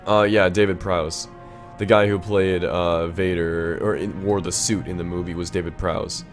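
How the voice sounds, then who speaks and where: Gaming commentator: a man with a low voice, chatty and jokey, with music faint behind him. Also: steady tone, moderate pace. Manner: chatty, joking, rambling. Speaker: gaming YouTuber. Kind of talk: casual gameplay commentary.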